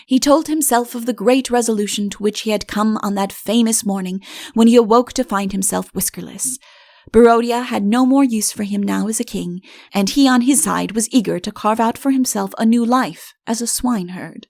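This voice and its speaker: A woman narrating an audiobook fairy tale in a wry, lively storytelling manner. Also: a little high, normal speed, vocal fry.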